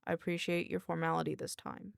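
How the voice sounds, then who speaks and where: A woman's voice: level tone, creaky, clear, resonant tone, no echo, clean studio sound. A woman doing a curt, stern young researcher. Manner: curt, formal, deliberately deeper voice.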